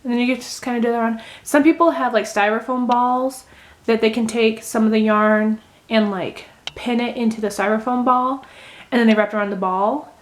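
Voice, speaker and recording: A woman chatting casually in a how-to craft video, rambling gently and thinking aloud with many fillers. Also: fairly high pitch, steady tone, brisk, a little hiss or hum. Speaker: crochet vlogger. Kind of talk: casual how-to chat while unraveling knitting.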